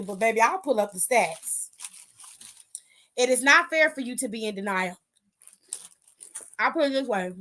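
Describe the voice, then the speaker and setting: A woman's voice: fairly high pitch, animated, moderate pace, pauses often, pushed and bright. A young woman hosting a casual wrestling aftershow stream, sassy and chatty, talking back to her chat and calling viewers pet names.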